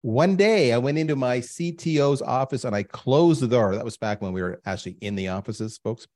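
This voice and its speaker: A man's voice: mid-range voice, brisk. A man in his fifties, a podcast guest telling stories emphatically and speaking straight to listeners. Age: 50s. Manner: emphatic, animated storyteller who addresses listeners directly. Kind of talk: storytelling in a podcast interview.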